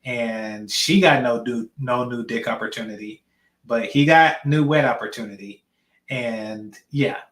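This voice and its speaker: Man, commentary host, blunt slang, mid pitch, roomy echo. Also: a little slow, fairly bright tone. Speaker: reaction channel host. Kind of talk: casual commentary on a clip.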